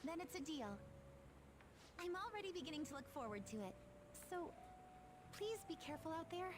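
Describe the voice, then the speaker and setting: A formal, soft-spoken schoolgirl from a video game. Her voice sits high and swoops with a lot of lively movement. Clear background noise runs under the game audio. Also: moderate pace. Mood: earnest. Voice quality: polite, formal phrasing. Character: polite earnest young schoolgirl, soft-spoken.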